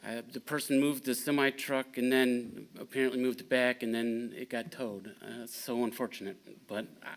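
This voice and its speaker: A man giving a blunt, indignant public comment at a town council meeting, with halting fillers. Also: mid-range voice, steady tone. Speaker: resident speaking at public comment.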